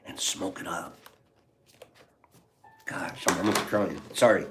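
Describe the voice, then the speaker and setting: A man's voice: fairly low pitch, unhurried, long pauses, a bit bright. An older man hosting a casual livestream, emotional and heartfelt, laughing often as he chats with viewers. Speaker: livestream host.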